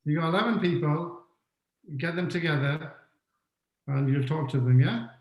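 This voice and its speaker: A man's voice: on the high side, normal speed, roomy sound, rough recording. A man giving an online talk on leadership who keeps asking the audience questions and repeats his key points. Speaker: webinar speaker on leadership. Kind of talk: interactive online lecture.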